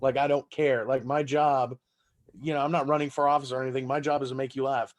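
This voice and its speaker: Speaking fast at a medium pitch with little variation in his voice, this Texan comic trades profane, laughing stories in a casual podcast chat. His accent is Southern American.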